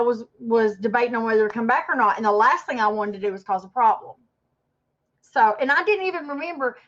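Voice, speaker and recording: Woman, 50s, casual livestream host, rambling defensive rant, slightly high voice, muffled lo-fi sound. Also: fairly bright tone. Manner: rambling, defensive, talks to chat viewers. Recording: dull lo-fi stream audio.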